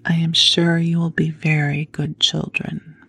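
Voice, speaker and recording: A woman's voice: low-pitched, level tone, a little slow, creaky, fairly bright tone, slightly rough, no room sound, full character voice. A woman whispering a prim French governess with a French accent, formal and clipped, in whispered role-play.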